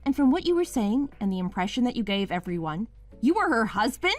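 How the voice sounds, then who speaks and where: A woman's voice: fairly high pitch, sing-song, brisk, faint music behind. A woman voicing a wife named Mia in a scripted drama, pleading at first and then sharply accusing her husband.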